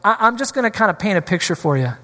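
A man preaching a sermon in a church, animated and acting out scripture scenes with changing voices. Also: high-pitched, fast talker. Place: church sanctuary. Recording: long hall reverb.

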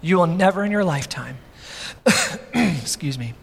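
A man's voice: high voice, a little slow, vocal fry, breathy edge, in a large hall. A male pastor preaching a sermon in a conversational, storytelling way, acting out the people in his story. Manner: animated, conversational, acts out quotes.

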